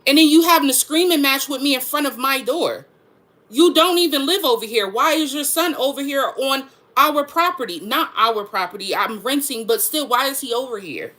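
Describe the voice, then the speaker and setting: Frustrated woman with a bright voice. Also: high-pitched, animated, moderate pace. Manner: frustrated, emphatic, repeats herself. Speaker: mother, vlogger. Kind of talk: venting to camera.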